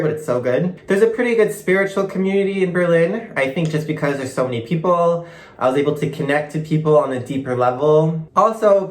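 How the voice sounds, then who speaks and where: A young man from Canada chatting casually in a vlog, gushing and bubbly, full of "like" fillers. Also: medium pitch. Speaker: vlogger. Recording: echoey room.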